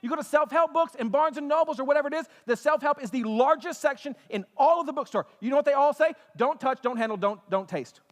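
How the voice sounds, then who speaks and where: An impassioned pastor preaches in a church sanctuary, mixing rhetorical questions with touches of humor. His voice is extremely high and fast, barely pausing, and the hall adds long reverb.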